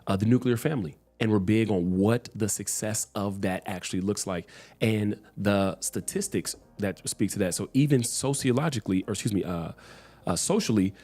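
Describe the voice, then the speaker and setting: A man speaking in casual chat as a co-host, agreeable and quick to affirm others. His voice is fairly low and mellow in tone. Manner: agreeable, frequent backchannel affirmations. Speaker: co-host, marriage event organizer.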